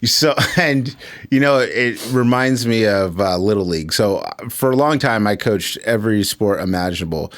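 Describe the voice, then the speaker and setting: Man, middle-aged, podcast guest, reflective, pausing with fillers, fairly low voice. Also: lively intonation, fairly bright tone. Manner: reflective, with many uh and um pauses. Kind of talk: casual chat.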